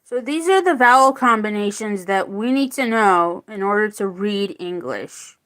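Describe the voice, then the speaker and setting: A woman teaching a spoken phonics lesson, slowly sounding out words and repeating them. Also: medium pitch, animated, fairly bright tone.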